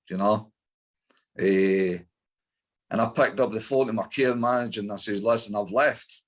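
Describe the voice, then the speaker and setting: A man's voice: on the low side, moderate pace, pauses often. A middle-aged man with an Edinburgh Scottish accent, a guest in an interview, telling his life story bluntly with lots of swearing and fillers. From Scotland.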